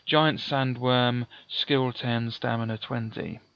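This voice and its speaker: Slow, calm man reading a gamebook. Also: mid-range voice, creaky, dry recording, lo-fi sound. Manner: calm, talks through dice sums aloud; mild self-deprecating asides. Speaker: let's play host. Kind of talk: gamebook playthrough with read-aloud narration.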